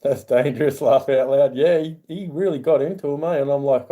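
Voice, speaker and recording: Australian man, livestream host, deep mellow tone, chatty, greets viewers loudly. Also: a little fast. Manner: reads chat aloud, greets viewers in a raised, higher voice. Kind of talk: casual livestream chat.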